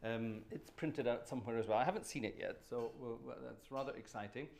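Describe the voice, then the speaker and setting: A man's voice: medium pitch, a little fast, vocal fry, a little mellow. A man hosting a live organ concert stream from home, chatting in a genteel, slightly theatrical way. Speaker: organist and livestream host. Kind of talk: casual live-stream chat. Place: warm room at home with an organ.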